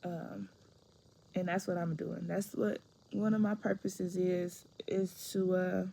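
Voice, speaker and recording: A woman's voice: fairly low pitch, level tone, slow pace, vocal fry, mellow. A woman telling a personal story to camera in a frank, conversational way, often restarting and repeating phrases.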